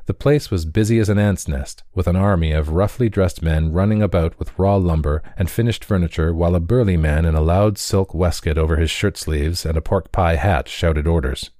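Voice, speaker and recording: Deep-voiced man reading a story. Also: moderate pace, few pauses, warm tone, no room sound, studio quality. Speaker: audiobook reader. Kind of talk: scripted story narration.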